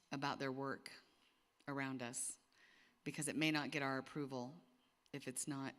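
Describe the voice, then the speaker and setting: A woman's voice: low-pitched, a bit bright. A middle-aged woman talking casually to a group of women, chatty, with lots of restarts and asides. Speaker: speaker at a women's gathering. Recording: long hall reverb.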